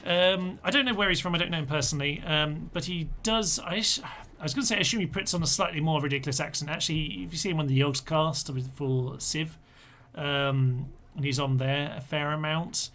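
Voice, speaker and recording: Commenting live on a strategy game, this male streamer talks casually and mutters commands to his units. He speaks briskly in a bright, forceful voice on the high side.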